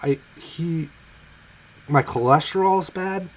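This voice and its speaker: A man's voice: on the high side, slow, poor audio. Hesitant man in casual podcast chat. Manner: hesitant, restarts sentences. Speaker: podcast co-host.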